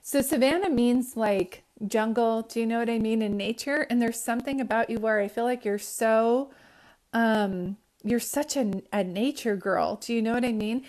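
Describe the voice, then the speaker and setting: A fairly high-voiced woman gives a psychic reading on a live stream, captured on a phone. She talks chattily and emotionally, often close to tears, and keeps asking whether her words make sense to the listeners. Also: moderate pace, a little mellow. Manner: emotional, near tears at times. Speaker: psychic medium. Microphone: phone livestream.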